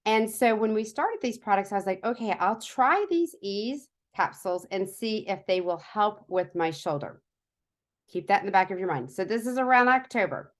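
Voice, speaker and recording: A woman's voice: medium pitch, animated, normal speed. Chatty, self-mocking woman telling a story. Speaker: product testimonial speaker. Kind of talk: casual storytelling testimonial.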